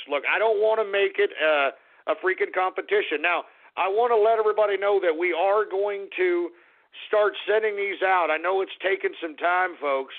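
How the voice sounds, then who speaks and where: A man hosting a radio show, ranting loudly and swearing in a strained, hoarse voice. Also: high-pitched. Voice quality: strained, fading voice. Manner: loud, profane and exasperated. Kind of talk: ranting call-in radio talk. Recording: phone-like lo-fi radio audio.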